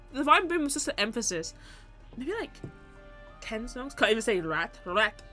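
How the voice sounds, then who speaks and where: Bright, lively woman rambling on stream. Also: mid-range voice. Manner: rambling and self-mocking, often laughing. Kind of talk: casual chat stream.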